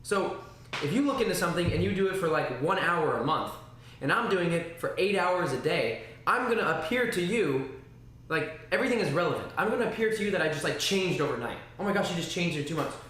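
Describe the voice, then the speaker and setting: Male streamer, slightly high voice, rambling and animated with sound effects, very echoey room. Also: brisk. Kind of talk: casual livestream talk. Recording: very echoey room, faint noise.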